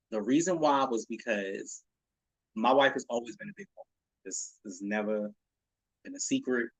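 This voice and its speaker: Animated husky man podcasting solo. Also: medium pitch, no echo, rough recording. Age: 30s. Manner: animated, profane, laughing, acts out other people's reactions. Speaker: podcast host. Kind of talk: casual solo podcast talk.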